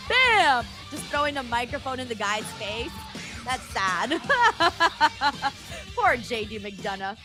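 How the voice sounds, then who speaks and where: Chatty high bright woman streamer. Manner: chatty, laughs often, swears casually. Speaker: live stream host. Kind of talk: casual watchalong chat reading viewer comments.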